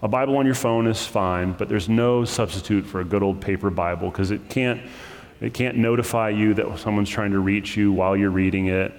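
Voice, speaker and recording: A man's voice: lowish voice, steady tone, brisk, in a large hall. A man preaching as a pastor, conversational and full of asides, explaining scripture to his congregation. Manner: conversational, with asides and self-corrections. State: choked up with emotion. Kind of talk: sermon.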